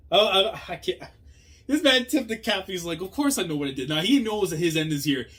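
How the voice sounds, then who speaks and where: A young man hosts a manga reaction in casual slang, his husky voice swinging between low muttering and loud outbursts. He talks quickly, with lively intonation.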